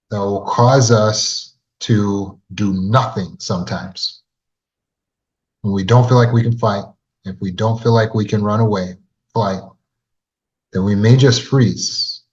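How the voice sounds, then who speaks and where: A man's voice: on the low side, darkish tone. A man coaching on trauma recovery who tells a story and turns to the listener with earnest rhetorical questions, in a dull lo-fi recording. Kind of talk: storytelling lesson to camera. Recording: dull lo-fi sound.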